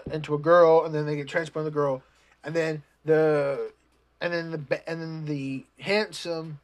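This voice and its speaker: Rambling, profane anime fan. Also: mid-range voice. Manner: profane, rambling, many restarts; animated when retelling scenes. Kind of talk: casual rambling recap.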